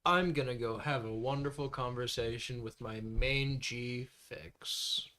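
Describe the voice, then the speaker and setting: Deadpan joking man at a game table. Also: mid-range voice, a little slow. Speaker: player. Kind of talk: casual tabletop game chat.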